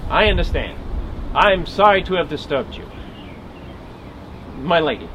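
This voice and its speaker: A man portraying a wry, persistent 1850s marshal tells his tale unhurriedly as a tense first-person dramatic monologue, adding grumbling asides. A historical reenactor, he has a fairly high, somewhat bright voice with big pitch swings, heard in a rough outdoor recording with traffic noise.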